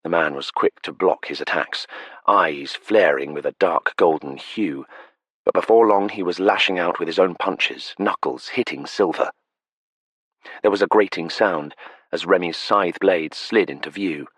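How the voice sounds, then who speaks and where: A deep, husky male audiobook narrator reads a scripted text with steady, measured storytelling. He is recorded on a close studio mic, giving a dry, close studio sound with no room sound.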